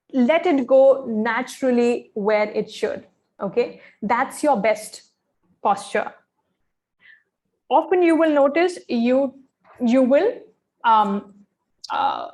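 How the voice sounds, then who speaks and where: A woman coaching pageant contestants on posture and speech, speaking in an instructive, friendly way with many fillers and checks of "okay". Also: sits high. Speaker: pageant fashion and grooming coach. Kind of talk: training session talk.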